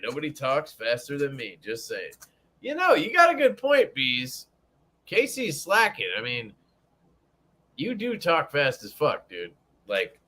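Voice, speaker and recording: Profane, lively young man streaming. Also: fairly high pitch. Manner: profane, joking, greets chat viewers. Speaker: livestream host. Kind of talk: casual livestream chat.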